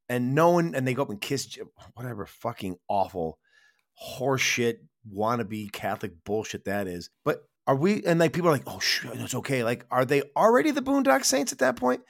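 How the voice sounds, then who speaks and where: A man's voice: mid-range voice, expressive, a little fast. Profane ranting American man. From United States. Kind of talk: casual film-review chat.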